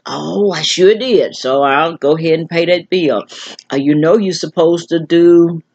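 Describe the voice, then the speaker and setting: An older woman, talking to camera in a slow, musing, rambling monologue full of restarts. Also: fairly low pitch, dull audio. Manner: slow, musing, with many restarts and filler words. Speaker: vlogger.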